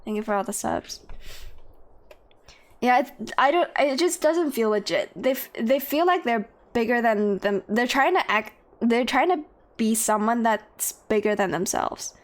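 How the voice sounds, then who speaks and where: A woman's voice: fairly high pitch, lively intonation, measured pace. A woman streamer chatting casually with her viewers while she plays, swearing freely. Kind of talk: casual gameplay commentary.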